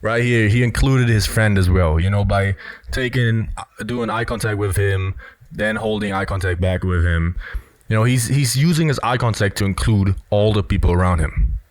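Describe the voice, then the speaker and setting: A man's voice: lowish voice, normal speed, no room sound. A man giving casual video commentary on body language, explaining step by step and dropping in lots of "you know" and "right?".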